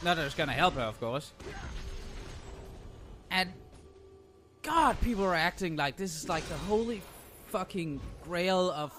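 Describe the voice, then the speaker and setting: A man's voice: high voice, lively intonation, measured pace, pauses often, fairly bright tone, faint music behind. A young man commenting casually on his own gameplay, sarcastic and ranting, swearing freely.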